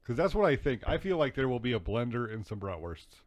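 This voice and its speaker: A man's voice: medium pitch, very animated, a little fast, dry recording. A man co-hosting a podcast who chimes in with short joking remarks in casual chat. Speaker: podcast co-host.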